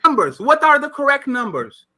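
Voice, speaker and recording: A man's voice: very high voice, very animated, moderate pace, sharp tone. A man on a panel discussion, insistently pressing for numbers and explaining his reasoning.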